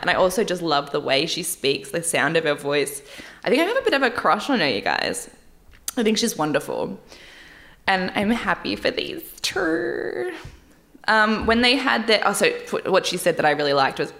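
A woman's voice: lowish voice, a bit bright. A young woman vlogging casually about a dating show, candid and chatty, often laughing and swearing lightly. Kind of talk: casual chat.

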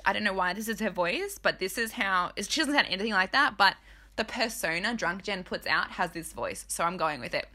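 A woman's voice: mid-range voice, moderate pace, pushed and bright. A woman hosting a casual TV recap, talking in a candid, blunt, chatty way and swearing freely. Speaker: host.

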